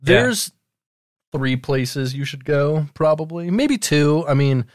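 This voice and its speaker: This young man talks in emphatic bursts and swears a lot as he chats on a casual podcast. His voice sits a little higher than most men's, and the close mic keeps it dry. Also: expressive, takes it slowly, no echo. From Alaska. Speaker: podcast co-host.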